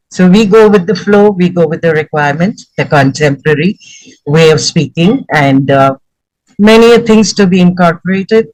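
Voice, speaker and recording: A man with a fairly high voice delivers a formal spoken review, full of effusive, elaborate phrasing. His voice sounds close and dry, with little room sound. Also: no room sound, rough recording. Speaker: session participant giving feedback.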